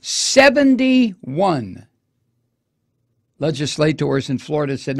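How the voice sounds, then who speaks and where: A man's voice: fairly high pitch, big pitch swings, measured pace. A man hosting a political talk radio show, delivering an impassioned, profane and sarcastic monologue.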